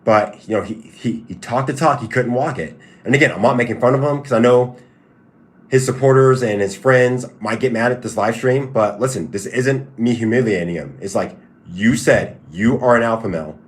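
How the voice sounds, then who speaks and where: A man's voice: mid-range voice, normal speed. A man hosting a casual livestream who answers chat questions in a repetitive, stop-start, emphatic way. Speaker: livestream host and fighter.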